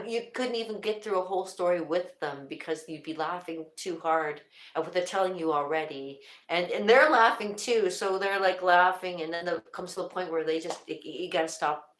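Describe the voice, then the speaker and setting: A woman's voice: fairly low pitch, fairly bright tone. An older woman hosting a casual livestream, rambling and laughing often, with many restarts. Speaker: livestream host. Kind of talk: casual chat to viewers. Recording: echoey room.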